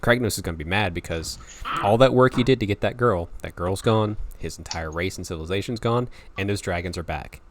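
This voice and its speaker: Young guy with a real low voice, rambling podcast host, laughs and swears a lot. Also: brisk, slight background noise. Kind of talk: casual chat. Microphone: video call.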